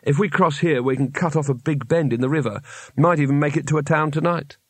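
A man voicing a brisk, commanding woman leader in an audiobook reading. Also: a little high, husky, no echo.

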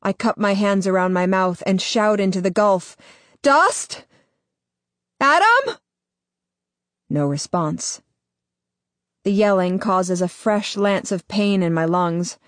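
A woman narrating a novel in the first person, measured and deliberate. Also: medium pitch, steady tone, no echo. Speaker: audiobook narrator.

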